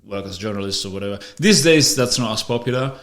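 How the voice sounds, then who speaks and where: Man, casual podcast host, lowish voice, stop-start explaining, echoey room. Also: animated, fast talker, fairly bright tone. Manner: restarts and repeats words, chatty explaining. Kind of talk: casual conversation. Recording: roomy echo.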